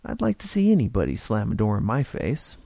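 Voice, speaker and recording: A man plays a fed-up young bank clerk in a read-aloud story. He sounds frustrated and scornful and slides into despair. The voice is warm and gravelly and dry. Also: fairly low pitch, huge pitch swings, brisk, no echo, full character voice. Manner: frustrated, scoffing, despairing outbursts.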